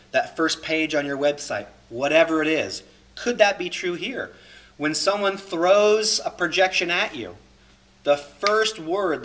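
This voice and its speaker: A male coach giving a class, his voice swinging widely up and down as he repeats his main points. The tone is bright and forward, and he works through example after example. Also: fairly high pitch. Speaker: holistic coach. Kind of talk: recorded class talk.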